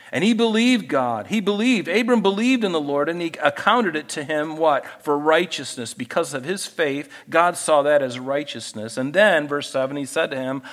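A pastor preaching with lively energy, his voice sitting a bit higher than most men's. He moves between reading scripture aloud and acting out the voices of the people he talks about. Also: moderate pace. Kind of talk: sermon.

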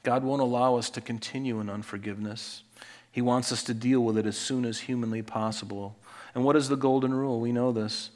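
A male pastor preaching a sermon, building to loud, emphatic scripture reading and dropping to quiet appeals. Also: medium pitch, fairly even intonation, fairly quick, in a large hall.

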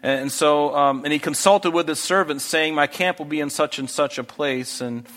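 A man's voice: fairly high pitch, fairly even intonation, normal speed, a bit bright, long reverb tail. A man preaching a conversational Bible-teaching sermon, briefly acting out characters in casual voices. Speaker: pastor.

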